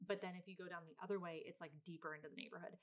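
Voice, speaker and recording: Chatty woman with a lowish voice. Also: steady tone, very fast. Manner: chatty and rambling, many fillers; self-described very loud person. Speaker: mother telling a personal story. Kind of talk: casual vlog storytelling.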